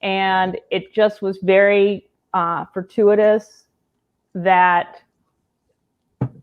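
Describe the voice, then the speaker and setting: A woman's voice: medium pitch, flat delivery, extremely slow, smooth, muffled recording. A woman in her thirties, a teacher who is a guest on a talk show, answering thoughtfully and hesitantly with many fillers. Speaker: sixth grade teacher, guest. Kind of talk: interview answers.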